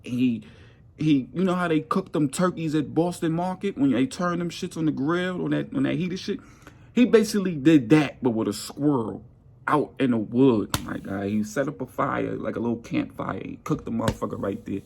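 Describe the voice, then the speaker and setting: A man telling a workplace story in a casual monologue, animated, acting out his coworkers' lines. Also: moderate pace, gravelly, slight background noise. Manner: animated, acts out coworkers' lines with jumps in pitch.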